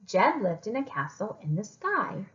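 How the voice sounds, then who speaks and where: A woman teacher reading a story aloud to children, expressive and encouraging. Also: mid-range voice, unhurried, lo-fi sound.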